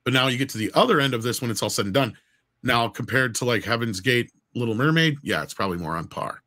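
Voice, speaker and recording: A man hosts a casual live stream and talks through box office numbers with emphatic, argumentative energy. His voice sits at a middle pitch. The sound is dry and close, with little room around it. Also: lively intonation, fast talker, pushed and bright, no room sound. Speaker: podcast host reading superchats.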